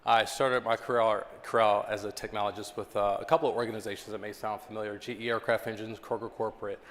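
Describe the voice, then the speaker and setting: A man's voice: fairly low pitch, fairly even intonation, fast, fairly bright tone, slight background noise. A man giving a motivational talk to a live audience, engaging the crowd with questions. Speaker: keynote speaker. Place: conference hall with live audience. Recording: long hall reverb.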